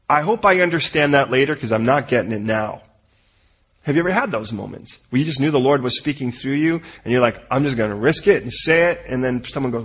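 A man preaching a sermon in an animated way, acting out the voices of the people he quotes. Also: mid-range voice, quick pace, slightly rough. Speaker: pastor.

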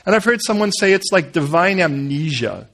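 A man preaching a sermon, telling a Bible story in an animated, humorous way. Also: fairly high pitch, moderate pace. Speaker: pastor.

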